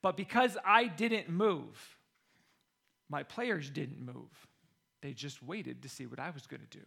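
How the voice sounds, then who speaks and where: A football coach, a man, telling a personal story in a lively way and acting out the quoted voices of others. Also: a little high, measured pace, creaky, breathy edge. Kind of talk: storytelling talk.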